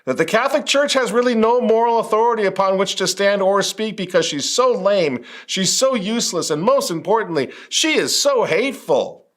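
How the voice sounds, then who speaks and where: A man's voice: high-pitched, expressive, moderate pace, few pauses, a bit bright. A male commentary host speaking indignantly, firing rhetorical questions straight at a bishop. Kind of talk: impassioned commentary.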